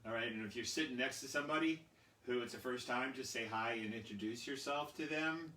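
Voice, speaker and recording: A man's voice: mid-range voice, brisk, pushed and bright. A man, a children's singer and storyteller, chatting casually and rambling through a story with plenty of fillers from his small home studio. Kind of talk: casual storytelling and singalong for kids. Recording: roomy, distant mic with guitar.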